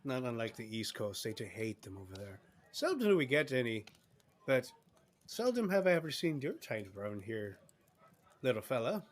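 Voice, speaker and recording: A man's voice: sits high, expressive, moderate pace, fairly bright tone, voice pushed up. A man voicing a rambunctious, red-headed barmaid who talks in a chatty, teasing southern drawl.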